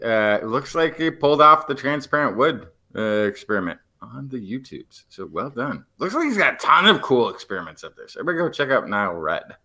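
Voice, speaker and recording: A man co-hosting a science podcast, joking and chatty, with many fillers. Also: medium pitch. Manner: animated, jokey, many fillers. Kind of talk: casual science podcast talk.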